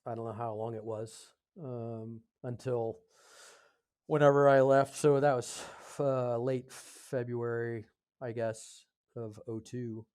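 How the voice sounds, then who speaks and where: An American man in his fifties, a podcast guest telling a story in a casual, halting way, with many fillers and self-corrections. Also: medium pitch, a little mellow. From United States. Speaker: podcast guest, retired Air Force officer.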